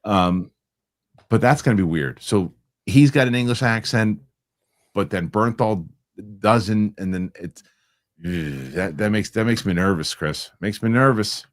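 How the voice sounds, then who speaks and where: A man's voice: on the low side, unhurried. A man hosting a casual film chat show, talking emphatically and repeating himself as he makes a point. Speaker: host. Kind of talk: casual panel chat about films.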